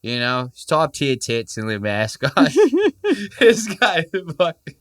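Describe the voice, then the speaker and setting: Young male podcast host, lowish bright forceful voice, crude mocking riffs, dry close sound. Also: very animated, slow pace, dry recording. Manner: crude, mocking, jokey, swears freely. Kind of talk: casual reaction commentary.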